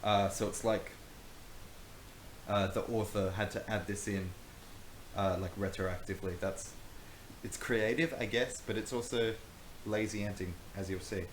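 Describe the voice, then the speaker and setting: A man with a lowish voice reads aloud and breaks off for dry, self-mocking remarks. The room is roomy and echoey, with a faint hiss underneath. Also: fairly even intonation, unhurried, long pauses. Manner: wry, self-mocking asides. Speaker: YouTuber reading his old book. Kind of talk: casual commentary and reading aloud.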